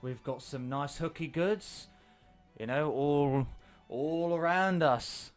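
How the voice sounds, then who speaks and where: A man's voice: fairly high pitch, takes it slowly. A man voicing a smarmy Cockney gang boss on the docks, sly and leering, with faint music behind. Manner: leering, sly, calls people love.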